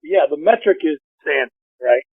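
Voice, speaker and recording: A man hosting a podcast, telling a story in a casual, profane, animated way and acting out the people he quotes. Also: on the high side, normal speed, no room sound. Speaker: podcast host. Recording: phone-line call audio.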